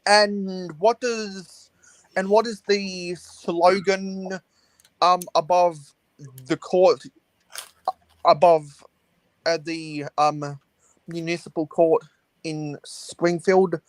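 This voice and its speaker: A man's voice: high-pitched, fairly even intonation, very slow, long pauses, poor audio. A man chatting on a live stream, hesitant and wry, with many fillers before dry punchlines. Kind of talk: casual live-stream chat.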